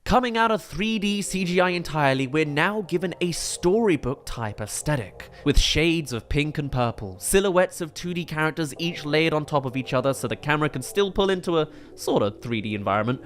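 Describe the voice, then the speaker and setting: A man's voice: on the high side, animated, fairly quick, few pauses, fairly bright tone, soft background music. Enthusiastic male film reviewer. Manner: enthusiastic, detailed and analytical. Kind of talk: film analysis commentary.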